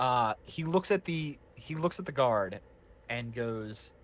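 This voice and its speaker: A man narrating a tabletop game as game master, unhurried and hesitant, with many fillers and restarts. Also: mid-range voice, lively intonation, slight background noise.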